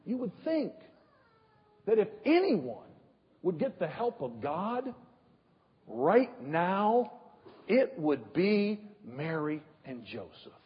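A husky male pastor preaches slowly, leaning on rhetorical questions and long pauses. His high voice climbs and drops dramatically from word to word. The sound is dull and carries a long hall reverb. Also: very animated. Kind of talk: sermon.

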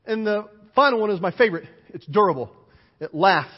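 A man preaching a sermon as pastor, animated and emphatic, driving points home with repeated lists. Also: sits high, fairly quick, slightly rough. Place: church sanctuary. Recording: dull, hall-reverberant church recording.

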